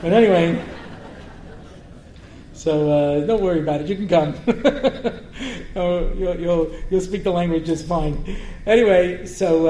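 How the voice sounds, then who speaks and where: A man giving a Torah class as a rabbi, telling the story with animated humor and translating Hebrew verses as he goes. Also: high voice. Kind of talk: Torah lecture with humorous asides. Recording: roomy lecture-hall recording with faint noise.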